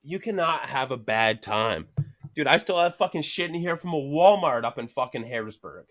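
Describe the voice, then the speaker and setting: A man's voice: medium pitch, moderate pace. A man in his thirties, a podcast guest telling a story in casual chat, swearing constantly, laughing as he talks and acting out what people said. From Canada. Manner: animated, swears constantly, laughs mid-sentence, acts out quotes.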